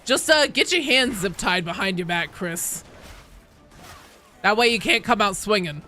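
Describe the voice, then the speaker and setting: A woman streaming a game, chatting casually with her players, joking, laughing, swearing, and yelling in bursts during fights. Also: mid-range voice, lively intonation, a little slow, faint music behind. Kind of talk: casual live-stream chat while playing.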